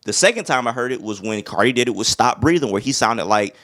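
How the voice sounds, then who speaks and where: A man's voice: medium pitch, fast talker. A young man giving a casual, slang-heavy album review, often breaking into humming and rapper imitations. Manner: animated, slangy, hums beats and imitates rappers. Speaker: music reviewer.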